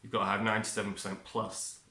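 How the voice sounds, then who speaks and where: A man's voice: lowish voice, flat delivery, fast talker, vocal fry, bright, forceful tone. Rambling man, echoey room. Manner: rambling, self-interrupting, upbeat. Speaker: vlogger. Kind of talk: casual self-help monologue.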